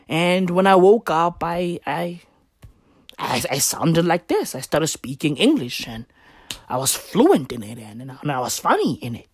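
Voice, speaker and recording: Brash, profane woman rambling slowly. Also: on the low side, no echo, studio quality. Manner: crude, profane, rambling, with a repeated catchphrase; slangy and brash. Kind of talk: improvised comic monologue.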